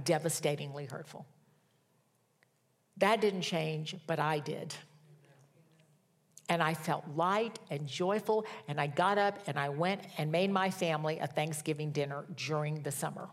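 A woman in her sixties preaching a sermon, telling a personal story with humor and fervent prayer. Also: sits low. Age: 60s.

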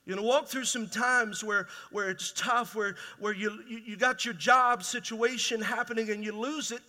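A middle-aged man preaching in a big hall, his bright, high voice carrying a long reverb. He talks raw and plainly, tossing rhetorical questions to the congregation. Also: fairly even intonation, normal speed. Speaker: pastor. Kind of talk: sermon.

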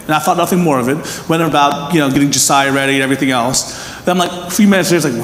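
A man's voice: a little high, rapid-fire, hardly any pauses, a little hiss or hum. Earnest man preaching in an echoey hall. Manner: earnest, rising to emphatic peaks then dropping soft and hushed. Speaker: pastor. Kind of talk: sermon. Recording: echoey hall with long reverb, faint room ambience.

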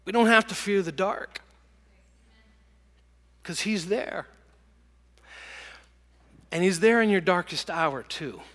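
A man preaching a sermon and telling stories, dropping to hushed whispers and rising to loud bursts. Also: sits high, animated, slow, long pauses, big-room sound. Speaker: pastor.

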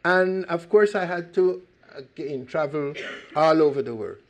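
A man's voice: on the high side, measured pace. An older man from Costa Rica giving an earnest public talk, with sudden emphatic rises in his voice.

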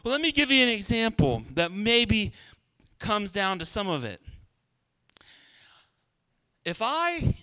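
A pastor preaching a sermon in a humorous, conversational way, laughing often. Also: male voice, sits high, very animated, slow pace, pauses often, pushed and bright. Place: church.

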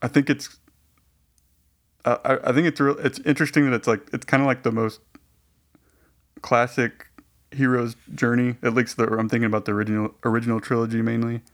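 A man's voice: medium pitch, flat delivery, a little fast, long pauses. Rambling easygoing podcast host man. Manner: rambling, hesitant, lots of restarts and likes. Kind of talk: casual chat.

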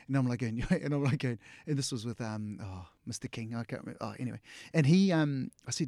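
This middle-aged New Zealand-accented actor, a guest being interviewed, talks fast in a medium pitch with hardly any pauses. He tells casual tales, acts out people's words and laughs often, in studio quality with no room sound.

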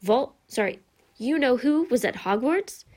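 A woman reader voicing a young orphan boy who talks softly and briefly, a little gloomy. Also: high-pitched, expressive, unhurried, pitched above the performer's own voice. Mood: curious. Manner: soft, short, a little gloomy.

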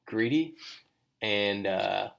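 A man's voice: lowish voice, lively intonation, drawn-out words, gravelly, fairly bright tone. A man co-hosting a podcast in a studio, chatting casually in a rambling, joking way. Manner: rambling, laid-back, joking. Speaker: podcast co-host. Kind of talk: casual chat.

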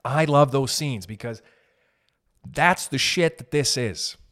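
A man ranting casually as a podcast host, profane and animated, swinging between loud bursts and muttered asides. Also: medium pitch, takes it slowly. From raised in an Italian family. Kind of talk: casual comedic rant.

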